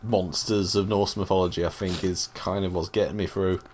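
A man's voice: sits low, steady tone, moderate pace, darkish tone, a little hiss or hum. Playful man hosting a podcast. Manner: enthusiastic, playful. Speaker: podcast host. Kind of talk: casual chat.

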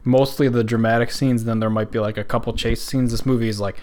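A man's voice: mid-range voice, level tone, fast talker, darkish tone. A man co-hosting a podcast in casual chat, enthusiastic and emphatic, with a lot of swearing. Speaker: podcast co-host.

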